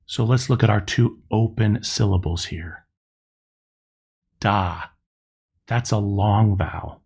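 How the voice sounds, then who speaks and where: A middle-aged man teaching a recorded lesson, explaining step by step and spelling out sounds slowly. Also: fairly low pitch, gravelly, darkish tone, slightly rough. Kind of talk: recorded classroom lecture.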